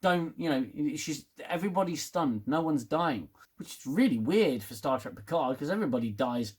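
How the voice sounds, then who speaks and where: A man's voice: fairly high pitch, animated, moderate pace, slightly rough. A man giving a rambling, casual spoken TV review, swearing and getting worked up as he talks. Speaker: TV review vlogger.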